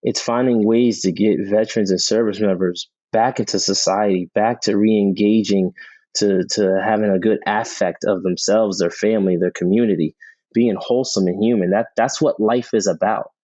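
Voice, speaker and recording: A man's voice: lowish voice, steady tone, moderate pace, a little mellow, dry recording. A middle-aged man telling personal stories in an interview, earnest, often repeating the first word of a sentence. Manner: earnest, repeats words when starting sentences. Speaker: podcast guest, Army veteran. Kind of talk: conversational interview storytelling. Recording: dull, lo-fi dry sound.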